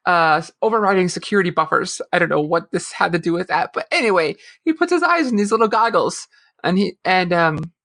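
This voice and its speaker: A woman co-hosting a podcast, recapping a TV episode with animated storytelling and frequent laughter. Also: medium pitch. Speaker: podcast co-host. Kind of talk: casual chat, recapping a TV episode.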